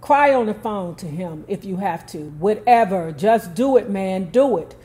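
A woman reading the lines of an excited grown man urging others on, insistent and urgent. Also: medium pitch, a little slow, lightly acted.

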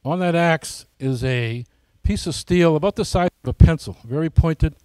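A man's voice: fairly high pitch, moderate pace, darkish tone, clear, resonant tone, no room sound. A man giving a casual, folksy presentation to his flying club, often asking the audience questions.

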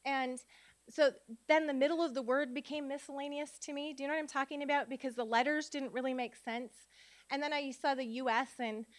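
A woman with a slightly high voice teaches a spelling workshop to a room of adults. She breaks words into sounds and syllables slowly and asks the audience questions as she goes. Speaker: literacy teacher and conference speaker. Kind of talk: workshop talk with spelling dictation. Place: conference room before an audience.

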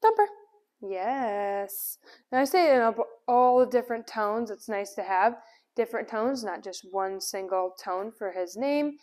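During a casual at-home demonstration, a woman dog trainer with medium pitch calmly talks through what she's doing. She cheerfully calls the dog by name and praises it quickly, while a camera records indoors from afar.

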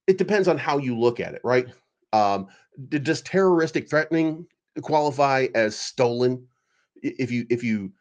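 A man giving a rambling, sarcastic and profane commentary as the host of an online channel. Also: mid-range voice. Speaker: crypto YouTube commentator. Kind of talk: casual ranting commentary.

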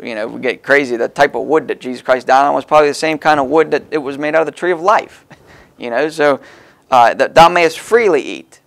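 A man's voice: medium pitch, gravelly, a bit bright. A man preaching a sermon in a folksy, conversational way, stressing key words as he explains the text.

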